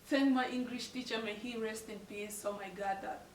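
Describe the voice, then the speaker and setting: A woman's voice: fairly high pitch, steady tone, moderate pace, roomy sound, far from the mic, noisy background. A young woman from Tanzania telling a personal story on her vlog, emotional and apologetic, laughing through tears. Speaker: vlogger.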